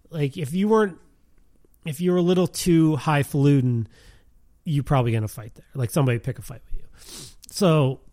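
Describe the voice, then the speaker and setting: A man's voice: medium pitch, darkish tone, no room sound, clean studio sound. A man telling a story in casual chat, rambling with lots of fillers and laughing as he goes.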